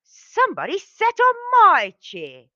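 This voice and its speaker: A woman voicing an upset mother bear in a storybook, roaring her complaints loudly. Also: huge pitch swings, takes it slowly, no room sound, highs cut off, exaggerated voice. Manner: shrill loud roaring.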